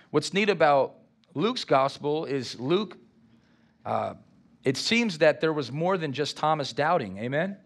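A man preaching a sermon, reading scripture and drawing responses from the congregation. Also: on the high side. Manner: lively, engages congregation with call-and-response. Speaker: pastor.

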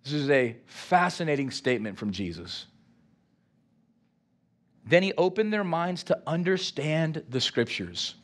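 A man preaches with lively energy. His voice sits a little higher than most men's. He reads scripture aloud and keeps calling for responses from the people listening. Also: unhurried, long pauses. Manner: lively, engages congregation with call-and-response. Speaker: pastor. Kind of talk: sermon.

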